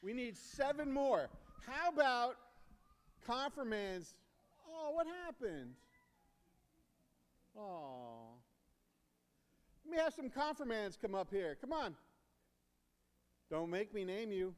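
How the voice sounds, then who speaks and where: Man, deacon, children's sermon, teasing and coaxing, lively swooping voice, long church reverb. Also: sits high, slow pace, pauses often. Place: church sanctuary. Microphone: handheld or stand microphone.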